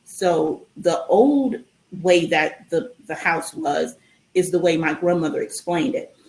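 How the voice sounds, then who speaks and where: A woman guest telling a long personal story in a casual interview, animated and full of ums and restarts. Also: lowish voice, slow, reverberant, poor audio.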